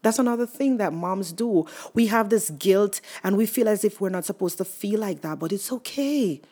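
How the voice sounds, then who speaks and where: A woman's voice: mid-range voice, normal speed, mellow. A young woman telling her own story as a mother, candid and emotional, with many fillers. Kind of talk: personal testimonial.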